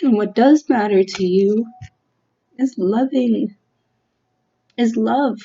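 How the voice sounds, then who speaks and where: A woman gives a casual tarot reading in an unhurried, searching way, full of "um"s and restarts. Her voice is soft and mellow, and she sounds earnest and close to emotion. The recording is a little muffled and lo-fi. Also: a little high. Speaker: tarot reader.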